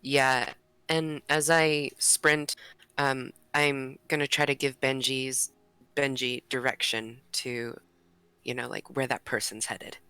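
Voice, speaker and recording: A woman's voice: very deep voice, level tone, slow, sharp tone, clean tone, no room sound. A woman playing a tabletop role-playing game, describing her character's actions and thinking aloud. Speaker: player. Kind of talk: casual chat.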